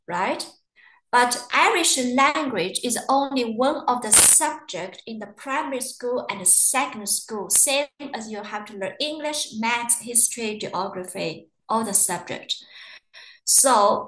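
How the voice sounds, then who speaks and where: A woman's voice: on the high side, fairly bright tone, roomy sound, poor audio. A woman telling stories in a chatty, casual way during a university webinar. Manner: chatty, storytelling with acted quotes. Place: living in Ireland.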